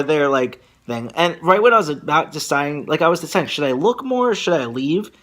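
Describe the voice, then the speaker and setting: A young man telling a casual vlog story, rambling and filler-heavy, with animated asides. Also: a little high, brisk, hardly any pauses. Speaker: vlogger.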